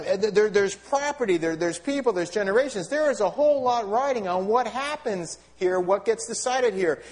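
A middle-aged male pastor with a high-pitched voice preaches a conversational, animated sermon. He poses rhetorical questions to the congregation and slips in wry asides.

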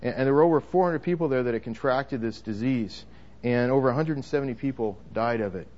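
A man's voice: medium pitch, quick pace, darkish tone, muffled recording. A man preaching a sermon to a congregation, emphatic, with frequent restarts and repeated words. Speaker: pastor.

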